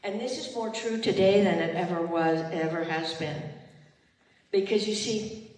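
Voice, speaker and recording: Older woman minister, slow heartfelt sermon, heard from a distance in a reverberant chapel. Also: on the low side, darkish tone. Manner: emotional, heartfelt, leads the congregation in call and response. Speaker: retired minister. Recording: echoey hall, far from the mic.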